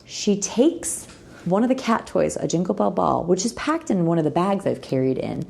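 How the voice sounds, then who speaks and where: A middle-aged woman with a lowish voice that swings widely up and down as she tells her stories. She's frank and a little crude, and she acts out the people in them. It's a podcast guest in full storytelling mode. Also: brisk, gravelly. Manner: lively, acts out quoted people with big pitch jumps. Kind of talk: animated storytelling in a podcast interview.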